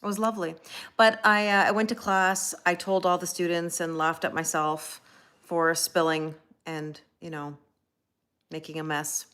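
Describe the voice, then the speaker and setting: A woman's voice: on the low side, little pitch movement, unhurried, a bit bright, clear, resonant tone. Woman, live-stream host, casual chat, rambling, self-mocking, greets viewers by name. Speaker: livestream host and tarot reader; schoolteacher.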